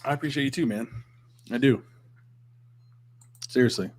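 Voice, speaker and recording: A man's voice: medium pitch, normal speed, slight background noise. A man who is a guest on a casual chat show, joking around and laughing easily.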